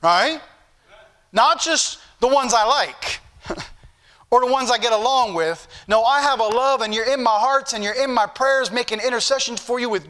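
A male preacher with a Southern US accent, reading scripture slowly and preaching with emphatic repetition to a church congregation. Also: sits high, bright, forceful tone. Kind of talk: sermon.

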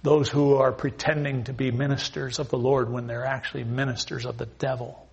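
Husky-voiced man preaching a fiery sermon. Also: level tone, a little fast, dull audio. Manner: swings from quiet earnest asides to loud raised pitch; repeats phrases and quotes scripture emphatically.

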